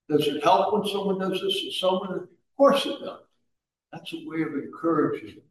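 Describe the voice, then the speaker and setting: A male pastor preaching a sermon, moving between quiet asides and raised, urging exhortation. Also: high-pitched, moderate pace. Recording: echoey room, mic at a distance.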